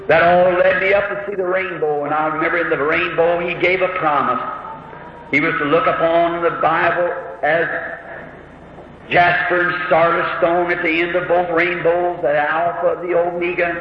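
Man, preacher, fervent storytelling sermon, high voice, booming hall echo. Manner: fervent, emotional storytelling, voice climbing high when excited. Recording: old muffled hall recording with heavy hiss.

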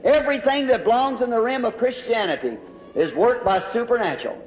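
A man's voice: extremely high pitch, lively intonation, a little fast, slight background noise. A man preaching a sermon in a fervent, folksy storytelling way, recorded in a large hall at an evening service. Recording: dull lo-fi echoey hall recording.

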